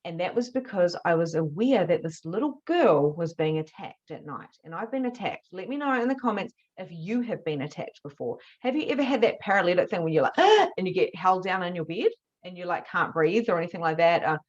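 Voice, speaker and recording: Woman, 30s, mediumship teacher, candid storytelling, swears freely, low pitch, dull lo-fi sound. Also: brisk. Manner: animated, swears freely, acts out her own past reactions.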